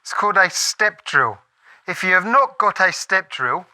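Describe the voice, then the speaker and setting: Cheeky Australian farm vlogger, bright forceful tone, explains DIY with jokes. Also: male voice, high voice, animated, moderate pace. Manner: cheeky, joking, casual swearing. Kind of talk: jokey DIY demonstration.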